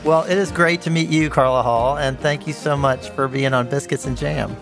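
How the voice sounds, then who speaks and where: A man's voice: medium pitch, steady tone, moderate pace, vocal fry. A man hosting a podcast, thanking his guest and reading a scripted closing. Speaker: podcast host. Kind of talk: scripted outro read. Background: music.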